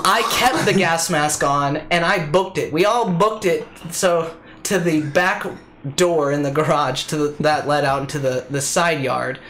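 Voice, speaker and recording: A man's voice: a little high, a little slow, fairly bright tone, slight background noise. A young man casually telling a funny personal story on a podcast, swearing freely. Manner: laid-back, profane, laughing storyteller.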